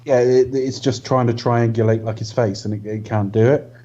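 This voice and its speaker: A man's voice: mid-range voice, fairly even intonation, moderate pace, dark tone. A man co-hosting a podcast, explaining film scenes in thoughtful, casual chat. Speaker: podcast co-host. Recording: muffled lo-fi mic.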